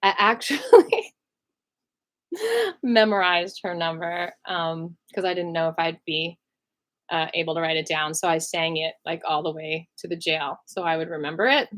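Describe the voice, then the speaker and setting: A young woman telling a personal story to camera in an emotional vlog, acting out the voices of the people in it. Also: normal speed. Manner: animated, acts out other people's lines with big pitch jumps.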